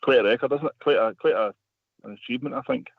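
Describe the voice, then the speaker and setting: A man's voice: medium pitch, fast talker, gravelly, no echo. A man telling a long story as a radio guest, rambling with many restarts. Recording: phone line.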